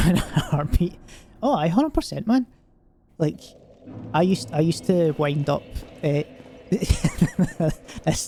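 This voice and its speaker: A man's voice: a little high, creaky, mellow, slight background noise. A young man with a semi-Glaswegian Scottish accent, chatting casually and jokily with lots of fillers while streaming a game. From Scotland. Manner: rambling, jokey, many fillers. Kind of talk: casual chat while gaming.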